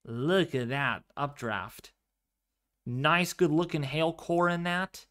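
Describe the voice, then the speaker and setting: A man hosting a live severe weather stream, commenting excitedly on radar and storms and repeating his phrases. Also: on the high side, slow pace. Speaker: livestream weather host.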